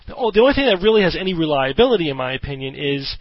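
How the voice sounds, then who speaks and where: A male podcast host with a fairly high voice talks in a thoughtful, explanatory way and often restarts his sentences. The sound is dry and close but dull and lo-fi. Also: sing-song, rapid-fire, no echo. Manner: thoughtful, explanatory, with self-corrections. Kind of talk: discussion in a podcast interview. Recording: dull lo-fi audio.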